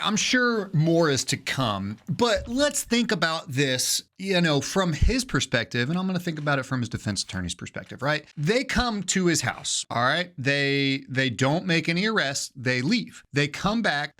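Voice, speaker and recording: A man's voice: a little high, very animated, normal speed, few pauses, a bit bright. A man, an attorney, casually talking through bodycam footage, explaining things step by step with frequent "you know" and "right?". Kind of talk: casual legal commentary.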